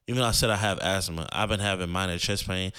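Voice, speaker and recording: A man's voice: deep voice, quick pace, bright, forceful tone, smooth. A young man, a podcast host, telling a personal story in a loose, slangy way with many fillers and restarts.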